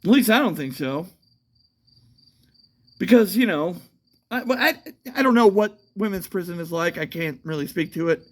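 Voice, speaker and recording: A man's voice: high-pitched, animated, normal speed, long pauses. A man talking in a casual, meandering monologue, swearing often and restarting his sentences with lots of fillers. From United States. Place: outdoors at night.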